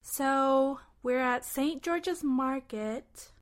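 A woman's voice: high-pitched, drawn-out words. A woman co-host in a comedy sketch, playing a cheerfully clueless tour guide. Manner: playfully clueless.

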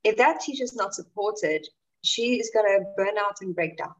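A woman's voice: medium pitch, expressive, normal speed, lo-fi sound, slight background noise. Earnest woman heard from off-mic. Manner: earnest, building an argument. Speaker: teacher. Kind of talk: casual chat. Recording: distant from the mic.

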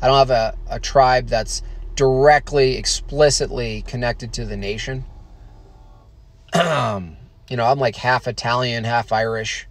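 Halting American man answering chat. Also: mid-range voice, fairly even intonation, no echo. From United States. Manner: halting, many fillers and restarts. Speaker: streamer answering viewer questions. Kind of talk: casual livestream chat.

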